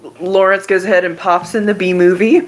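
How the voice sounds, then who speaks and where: A woman's voice: medium pitch, fairly even intonation, fairly quick. Giggly woman tabletop player. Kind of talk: casual tabletop role-play.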